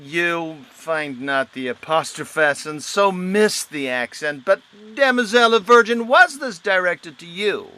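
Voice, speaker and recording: An actor playing a pedantic, wordy schoolmaster in a live-streamed Shakespeare reading, with pompous Latin-sprinkled flourishes. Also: male voice, high-pitched, animated, measured pace, hardly any pauses, pushed and bright, clean tone, dry recording, exaggerated voice. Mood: fussy.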